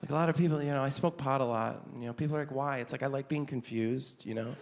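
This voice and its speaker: A young man performing a stand-up comedy set on a club stage, telling stories in an animated way and jumping into high, excited voices for himself. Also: fast, vocal fry.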